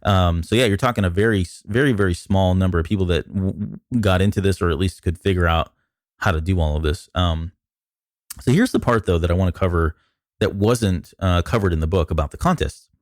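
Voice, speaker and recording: A man with a very low voice walks through a detailed explanation in casual podcast chat, restarting often. His voice is worn and hoarse, and the recording is dry and close. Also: fairly quick, dry recording. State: losing his voice. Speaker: podcast co-host.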